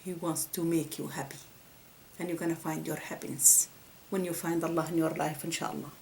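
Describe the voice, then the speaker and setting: A woman giving a faith talk with a story, halting and restarting often. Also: low-pitched, flat delivery, gravelly, darkish tone, a little hiss or hum, rough recording. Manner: halting, with many restarts and repeated words. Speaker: religious speaker.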